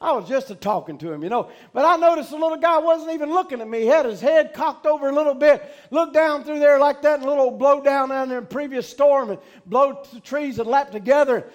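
A man preaching a sermon, telling a folksy story and building to fervent shouts with call-outs to the congregation. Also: extremely high pitch, brisk, few pauses, lo-fi sound.

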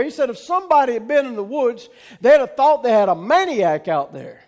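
A man with a strikingly high voice preaches a sermon. He tells his story in a folksy way, then builds to fervent shouts and calls out to the congregation. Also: very animated, brisk.

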